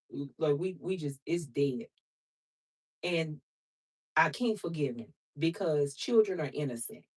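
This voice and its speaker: Outspoken woman tarot reader, plain-spoken and profane, addresses viewers like sisters, mic a little far off. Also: mid-range voice. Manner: blunt, outspoken and preachy, swears freely; talks to viewers as sister and baby. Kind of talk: casual vlog chat to viewers.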